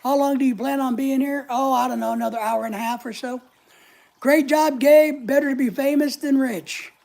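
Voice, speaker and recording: A man's voice: extremely high pitch, fairly even intonation, moderate pace, creaky, darkish tone. A man hosting a casual live stream from home, joking with viewers and greeting them by name as he reads their comments.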